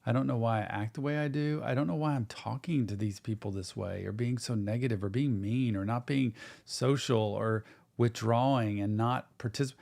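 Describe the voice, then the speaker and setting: A man's voice: medium pitch, normal speed, vocal fry, darkish tone. A middle-aged man, a therapist hosting a music reaction show, talking to viewers in an earnest, encouraging way. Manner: earnest, encouraging, talks directly to viewers, says "y'all". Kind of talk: casual reaction-stream commentary.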